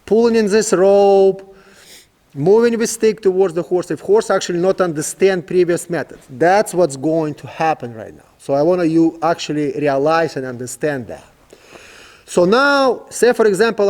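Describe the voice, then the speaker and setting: A horse trainer talks in a patient, coaxing way, mixing soft commands to the animal with plain explanations in broken English. His voice sits a little high for a man. The sound carries a long, spacious reverb. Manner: calm, coaxing commands to a horse, in simple non-native English. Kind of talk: instructional demonstration.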